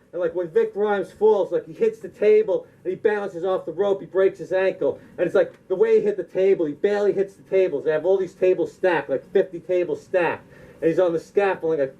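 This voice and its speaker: A man in a rambling comedy monologue who keeps circling back with filler words. His voice sits high but mellow, and it comes through on a muffled, lo-fi recording. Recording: dull lo-fi recording.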